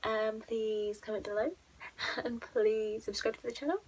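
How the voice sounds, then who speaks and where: A woman's voice: a little high, little pitch movement, a little slow, breathy edge, poor audio. A woman giving a casual pick-a-card tarot reading at home, chatty, candid and self-mocking.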